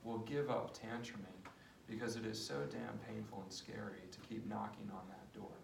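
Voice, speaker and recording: Gravelly man explaining couples therapy. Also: lowish voice, fairly even intonation, moderate pace. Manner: passionate, demonstrates with role-play. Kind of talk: explaining therapy method in an interview. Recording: echoey room, distant mic, noisy.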